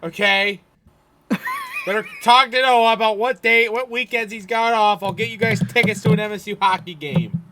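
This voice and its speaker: A man's voice: high-pitched, moderate pace, background noise. A man co-hosting a podcast, chatting casually and jokingly. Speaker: podcast co-host. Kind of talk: casual chat.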